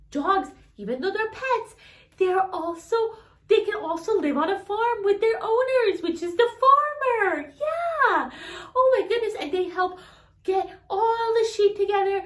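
A woman's voice: very high voice, distant mic. A woman teaching toddlers in a sing-song, coaxing way, asking the children questions and imitating animal sounds. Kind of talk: toddler learning video. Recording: echoey room, voice off-mic.

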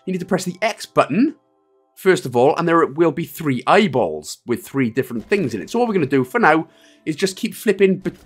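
A man's voice: on the high side, very animated, a little fast, slightly rough, soft background music. A man with a Welsh accent hosting a game walkthrough, giving step-by-step instructions with chatty, self-mocking asides. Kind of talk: joking gameplay walkthrough commentary.

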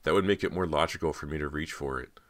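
A man voicing an anxious, touchy teenage girl actress, rising high and shrill when upset. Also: quick pace. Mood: sharp.

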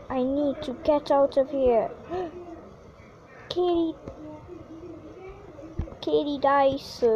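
A woman giving casual, excitable commentary on her own gameplay, yelping whenever she falls. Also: high voice, background noise. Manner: chatty and excitable, yelps when falling. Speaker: gaming YouTuber.

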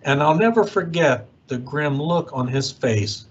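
A man reading a rhyming children's storybook aloud with an expressive, swooping delivery. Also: fairly high pitch, measured pace, slightly rough, muffled recording. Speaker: youth organization director.

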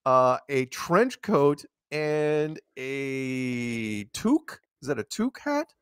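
Man, interview guest, chatty and rambling, laughs a lot, middle pitch, dry sound. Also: sing-song, takes it slowly, clear, resonant tone, dry recording. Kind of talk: casual comedic interview chat.

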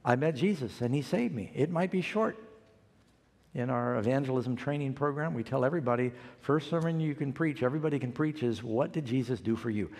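A man's voice: mid-range voice, brisk, darkish tone, long reverb tail. An older man preaching a sermon as pastor, telling a story and acting out the quoted voices.

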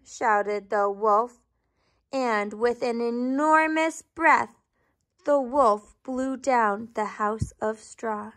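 A woman reading a storybook aloud to children, pausing to ask questions and dropping into soft whispered asides. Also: a little high. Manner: gentle, asks the listener questions, whispered asides.

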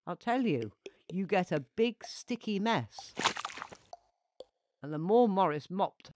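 Lively low-voiced storyteller woman. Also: slow. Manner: playful and expressive. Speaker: children's author and narrator. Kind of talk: bedtime story narration. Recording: noisy hiss behind the voice.

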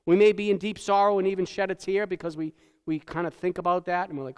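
Guy preaching in church, voice a bit on the high side, long echo off the hall, chatty, keeps asking right?, gets real quiet on the serious stuff. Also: flat delivery, quick pace, clear, resonant tone. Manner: conversational preaching, dropping to a hush for solemn points; tag questions, repeats words. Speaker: pastor. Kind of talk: sermon. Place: church sanctuary.

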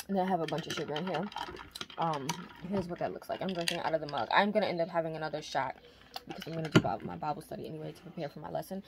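A young adult woman chatting casually at home, relaxed and rambling with many ums. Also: deep voice, very fast, heavy background noise. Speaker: vlogger. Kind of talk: casual chat.

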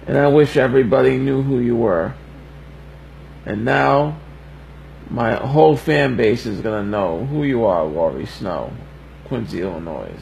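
A young man giving a halting, heartfelt birthday message on a livestream while fighting back tears. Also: medium pitch, creaky, darkish tone, slight background noise, low-quality recording.

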